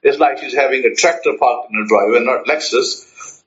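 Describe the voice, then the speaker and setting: A man's voice: mid-range voice, normal speed, muffled recording. A man teaching, who acts out short dialogues and repeats his points for emphasis. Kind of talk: spoken self-help teaching.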